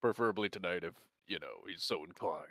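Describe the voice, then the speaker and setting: A man playing in a tabletop game, joking with deadpan asides. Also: low voice, a little fast, dry recording, studio quality. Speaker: player. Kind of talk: tabletop role-play banter.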